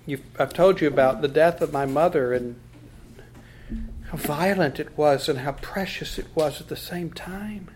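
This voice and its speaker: A man with an East Texas Southern accent preaching a sermon as pastor, swinging from loud declarations to hushed tones and leading the congregation in call and response. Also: on the high side, measured pace, slight background noise.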